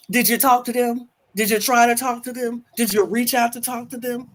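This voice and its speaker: A woman's voice: a little high, brisk, few pauses, a bit bright. A woman co-hosting a podcast, with a sassy, dramatic ranting delivery. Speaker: co-host. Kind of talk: casual podcast chat.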